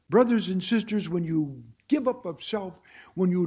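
A man leads a Bible study in sermon style, reading passages slowly and deliberately before leaning hard on key phrases. His voice is high-pitched, expressive and warm, with a slight roughness.

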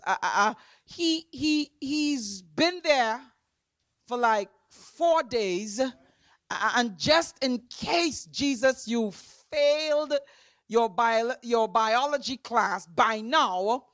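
A woman preaching an impassioned sermon, building to fervent shouted refrains and repeating her words for emphasis. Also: a little high, lively intonation, takes it slowly, no room sound, studio quality.

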